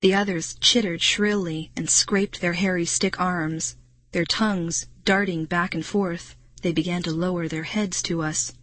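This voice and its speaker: A woman narrating a children's audiobook in a brisk, dramatic storytelling manner. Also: fairly low pitch, steady tone, fairly bright tone, no room sound. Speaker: audiobook reader.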